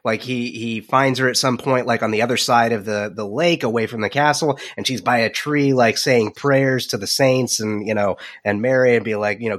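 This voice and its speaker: A man's voice: mid-range voice, expressive, a little fast, fairly bright tone. A man co-hosting a podcast, joking about a movie, laughing often and stammering through restarts. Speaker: podcast co-host. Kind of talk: casual chat about a movie.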